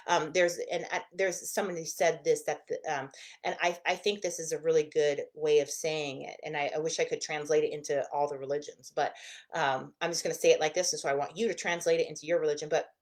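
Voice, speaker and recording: A woman therapist teaching in a casual, expressive way, acting out the inner voices of the mind in quick asides. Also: fairly low pitch.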